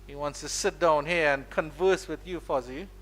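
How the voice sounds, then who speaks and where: A man with a Caribbean accent giving live, playful ball-by-ball cricket commentary, his voice climbing high when the ball runs to the boundary. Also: moderate pace, fairly bright tone. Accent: Caribbean English. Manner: playful, rises sharply on boundaries.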